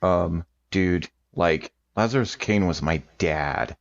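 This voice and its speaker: A laid-back, slangy young man, as a man plays him in a role-play, with a very deep voice. He talks casually and loosely. The recording sounds slightly muffled and lo-fi. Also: takes it slowly, gravelly, heavily acted. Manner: casual, with fillers like "like" and "dude".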